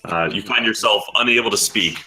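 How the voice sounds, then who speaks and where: A man narrating a tabletop game as dungeon master, halting with frequent fillers. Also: fairly low pitch, sharp tone, faint music behind.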